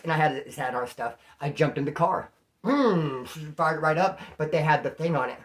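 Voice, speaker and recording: A man from California telling a story casually, animated and slangy, acting out what people said. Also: a little high, moderate pace. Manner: animated, slangy, acts out quotes.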